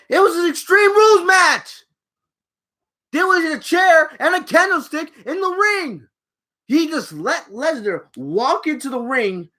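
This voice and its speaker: A man giving a casual video review rant, animated and repeating phrases for emphasis, often checking in with the viewers. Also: very high voice. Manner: keeps checking in with "all right?". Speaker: wrestling reviewer.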